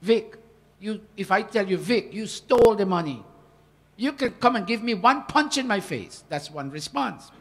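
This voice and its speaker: A man teaching a scripture workshop, talking in an earnest, animated devotional manner. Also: high-pitched, normal speed. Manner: animated, earnest, with swells of emphasis.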